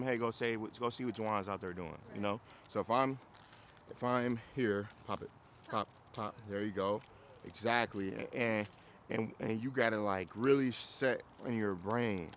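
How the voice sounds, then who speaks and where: A man leading an outdoor dog training class, explaining casually, checking that students follow and breaking into loud, high praise for the dog. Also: moderate pace, slight background noise. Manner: casual, explains with repeated checks like "you get what I'm saying". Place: outdoors in a city.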